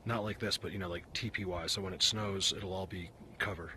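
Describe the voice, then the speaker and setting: Man, out of breath, fairly low voice, excited outdoor vlog, handheld camera, noisy outdoor background. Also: a little fast, few pauses. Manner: animated, talks to viewers while filming. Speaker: vlogger. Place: outdoors on a mountain hillside.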